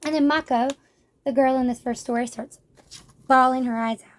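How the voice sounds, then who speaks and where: A woman's voice: sits high, steady tone, moderate pace. A woman casually retelling and reviewing a manga in a chatty, rambling way, with frequent fillers.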